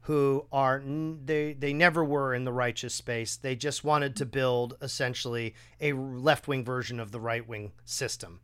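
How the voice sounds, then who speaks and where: A man hosting a podcast, chatting casually and acting out quotes with a raised, animated voice. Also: mid-range voice, a little slow, hardly any pauses, smooth. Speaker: podcast host. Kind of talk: casual conversation.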